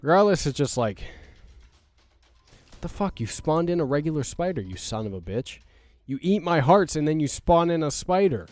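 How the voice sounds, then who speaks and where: A man's voice: fairly high pitch, very animated, fairly quick, few pauses, darkish tone, no echo, faint music behind. A young man hosting a let's play, ranting in a rambling, exasperated way with stammered restarts and frequent swearing. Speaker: gaming channel host. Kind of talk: let's play commentary rant.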